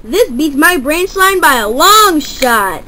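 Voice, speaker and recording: A woman voicing an eager, cheeky young male tank engine in a homemade toy-train story, excitable and quick to cry out. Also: high-pitched, exaggerated voice. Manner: excitable, cries out in alarm.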